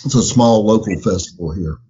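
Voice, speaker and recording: A man's voice: lowish voice, fairly quick, warm tone. A man, a band member guest, talking easily in an interview. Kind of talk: interview answers. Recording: dull lo-fi podcast audio.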